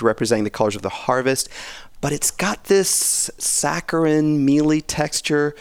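A man's voice: medium pitch, clean tone, dry recording. A man in a casual podcast chat, commenting in a wry, joking way and laughing often.

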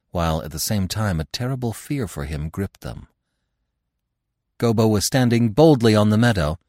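A man reads a classic novel aloud with dramatic, expressive storytelling. His voice is very deep yet moves a lot in pitch. The recording is dry and close, with no room sound. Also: no echo. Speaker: narrator. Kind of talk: scripted narration of a classic novel.

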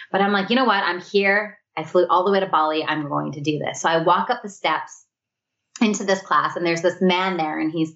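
A woman guest talks through a personal story in an earnest, reflective conversational tone, her voice sitting low for a woman. She often slips into quoting what she thought back then. The recording sounds a little dull and lo-fi. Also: steady tone, fairly quick, a bit bright.

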